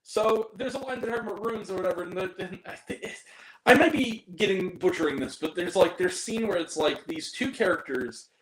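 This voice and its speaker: A young man talks straight to camera in a loose, rambling review, blunt and quick to apologize. His voice sits a little high, and the room around him rings with echo. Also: fairly bright tone. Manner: blunt, rambling, self-deprecating. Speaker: movie reviewer. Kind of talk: casual video review. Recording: echoey room.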